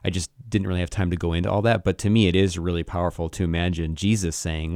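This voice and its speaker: A man co-hosting a podcast, talking through a Bible passage in a thoughtful, halting way with frequent restarts. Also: deep voice, flat delivery, darkish tone, clean tone, no echo, clean studio sound. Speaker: podcast co-host. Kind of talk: casual Bible discussion.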